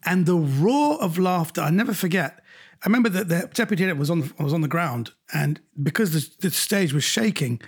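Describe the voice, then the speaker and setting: A man in his fifties from London, a comedian telling lively anecdotes over a video call from home and acting out the quotes. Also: fairly high pitch, fairly quick, breathy edge. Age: 50s. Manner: animated storyteller acting out quotes. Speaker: guest comedian.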